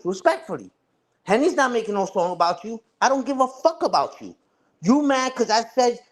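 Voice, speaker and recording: A man ranting casually on a livestream, taunting and repeating himself. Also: high voice. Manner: taunting, repetitive, says "respectfully" and "you heard".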